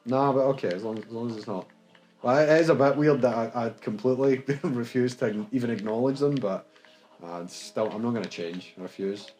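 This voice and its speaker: A man's voice: medium pitch, fairly quick, a little mellow, faint music behind, poor audio. A Scottish man chatting bluntly and swearing a lot while playing a co-op video game. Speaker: gaming co-host. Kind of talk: casual let's-play banter.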